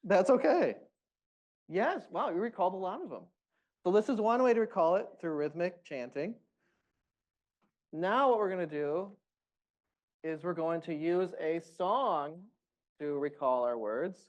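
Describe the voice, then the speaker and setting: A man's voice: high voice, expressive, unhurried, long pauses, lo-fi sound. Upbeat man leading a group music class. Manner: encouraging, upbeat instructions. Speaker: music workshop leader.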